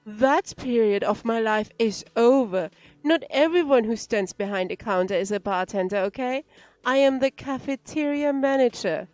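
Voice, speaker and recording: A woman's voice: on the high side, normal speed, a little mellow, no room sound, faint music behind, close to an everyday voice. A woman voicing a defensive, irritable male cafeteria manager, reading game dialogue aloud in an exasperated, lecturing way. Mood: touchy.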